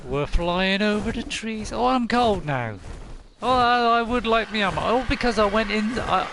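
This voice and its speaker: A man streaming a video game, chatting casually, excitable and laughing often as he talks to himself. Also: sits high, normal speed, slight background noise. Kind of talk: casual gameplay commentary.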